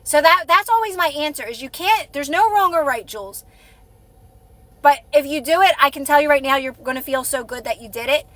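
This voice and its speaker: Chatty encouraging woman on a live stream, high bright voice, rambles and restarts a lot. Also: fairly quick, dry recording. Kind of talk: casual live stream chat with viewers.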